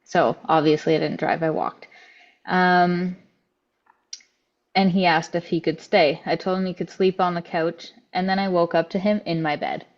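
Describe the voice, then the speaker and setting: A woman's voice: fairly low pitch, steady tone, moderate pace, lo-fi sound. A woman guest on a podcast, telling a story casually and bluntly, swearing often and filling with "like". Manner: blunt, profane, frequent 'like' fillers.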